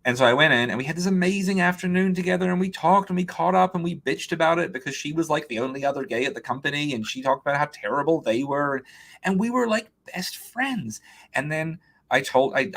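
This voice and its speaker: This author and illustrator, appearing as a guest on an interview podcast, has a fairly high-pitched voice and talks fast. He's spinning a long, lively story in a casual way, quoting others' words and leaning heavily on "um" and "like."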